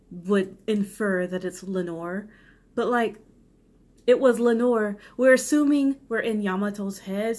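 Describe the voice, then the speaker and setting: A tipsy woman reading her own old story aloud, breaking off for rambling, self-mocking commentary. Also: medium pitch. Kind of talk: casual comic read-aloud with asides.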